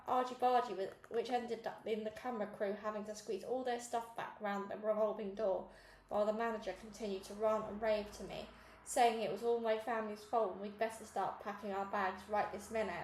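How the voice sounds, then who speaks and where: A woman reading a children's novel aloud in a lively storytelling manner. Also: mid-range voice, brisk, reverberant, a little hiss or hum, poor audio. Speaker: reader.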